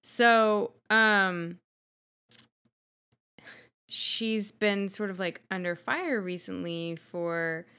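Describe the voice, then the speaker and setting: A woman's voice: lowish voice, a bit bright, smooth. A woman co-hosting a casual podcast over wine, talking frankly and rambling with some swearing. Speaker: podcast co-host.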